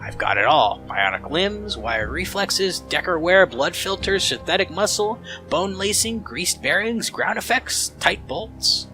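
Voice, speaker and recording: A man voicing a cheerful, hungover middle-aged male cyber doctor who jokes loudly, with a Midwestern accent. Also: high-pitched, expressive, unhurried, hardly any pauses, faint music behind, pitched above the performer's own voice, full character voice. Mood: jovial. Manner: loud, boisterous, joking.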